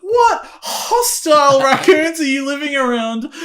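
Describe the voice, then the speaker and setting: A man with a notably high voice co-hosts a casual podcast, recapping a film with lots of giggles. His talk is loose and joking, and the laughter keeps spilling into his sentences. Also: very animated, unhurried, fairly bright tone. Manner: giggly, laughs often between lines. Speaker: podcast co-host. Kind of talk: casual comedic movie chat.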